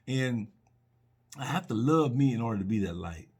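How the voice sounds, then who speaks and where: Husky earnest middle-aged man. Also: medium pitch, animated, moderate pace, darkish tone. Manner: earnest, repetitive, preachy with restarts and rhetorical questions. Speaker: speaker sharing personal faith reflections. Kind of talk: personal spoken reflection.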